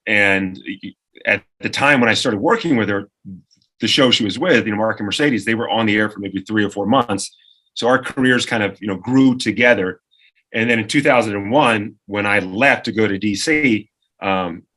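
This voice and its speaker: A man in his forties, a radio co-host telling lively stories as a podcast guest and acting out the people he quotes. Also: lowish voice. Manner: animated storyteller who acts out quoted voices. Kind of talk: lively anecdote-telling in conversation.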